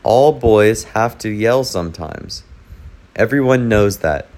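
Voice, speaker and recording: A man reading a children's picture book aloud in a calm, measured storytelling manner. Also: fairly low pitch. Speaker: narrator.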